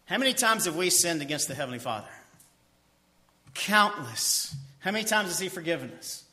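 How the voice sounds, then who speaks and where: A man preaches an expository sermon in a bright, forward voice that sits a little higher than most men's. He reads verses aloud, puts questions to his listeners and answers them himself, and drops to a hushed tone on his key points. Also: big pitch swings, moderate pace. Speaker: pastor.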